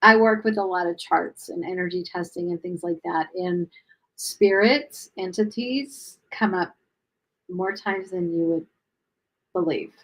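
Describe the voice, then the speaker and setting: A woman hosting a casual chat, explaining her views in an earnest, steady way. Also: on the low side, a little slow, low-quality recording. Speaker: host.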